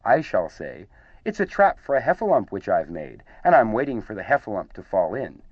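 A man doing a slow-thinking kindly bear. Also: fairly low pitch, big pitch swings, slightly rough, no echo, lo-fi sound. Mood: earnest. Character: slow-witted, kindly male teddy bear.

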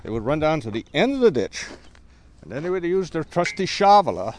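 An older man, an author and guide, telling local history and reading aloud from his book with many hesitant pauses. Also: fairly high pitch, big pitch swings, a little mellow, a little hiss or hum.

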